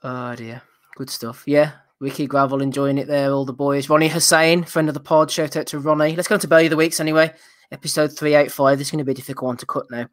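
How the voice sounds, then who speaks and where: Host, male, slightly high voice, dry close mic, quick reads of listener picks between laughs. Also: flat delivery, dry recording. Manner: laughs often, reads nominations aloud briskly. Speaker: podcast host. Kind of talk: casual podcast chat, reading listener nominations.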